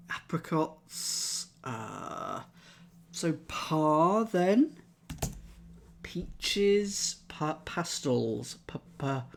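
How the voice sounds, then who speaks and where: Male streamer, unhurried delivery, puzzles things out aloud, working through options one by one. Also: on the high side, vocal fry. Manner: muses aloud, methodically tries out letters and words. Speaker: streamer solving crosswords. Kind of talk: thinking aloud, chatting with live chat.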